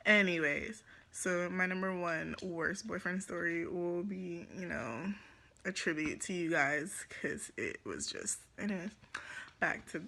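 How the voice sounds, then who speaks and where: A woman's voice: fairly low pitch, measured pace, creaky, bright, forceful tone. A teenage girl from Jamaica with a Jamaican accent, telling a rambling storytime vlog full of fillers and giggles. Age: teens. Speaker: vlogger.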